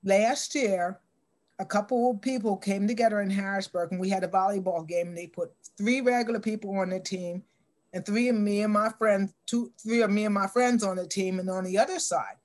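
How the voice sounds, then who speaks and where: A middle-aged woman telling a story in an interview, acting out the dialogue with lively shifts in voice. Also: medium pitch, brisk.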